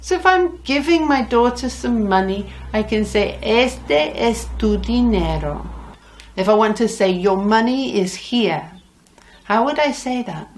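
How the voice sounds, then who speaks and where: A woman's voice: a little high, expressive, measured pace. A middle-aged woman teaching a language lesson, patiently repeating words for learners. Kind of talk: slow, deliberate Spanish lesson.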